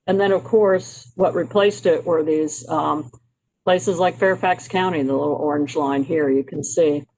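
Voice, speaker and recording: In poor audio, a Maryland speaker with a medium-pitched, somewhat mellow voice and fairly even intonation unhurriedly presents urban history slides to a county committee. The delivery is casual, with frequent ums, uhs and restarted sentences.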